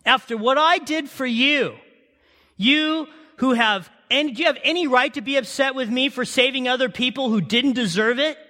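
A stern but compassionate God, as a preacher puts him on delivers an emphatic, pleading rebuke in a high, bright, forceful voice. A long hall reverb trails behind every line. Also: male voice, normal speed.

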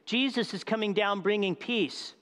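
A man preaching a sermon, animated, asking the crowd questions and acting out scenes. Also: high-pitched, moderate pace. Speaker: pastor. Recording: long hall reverb.

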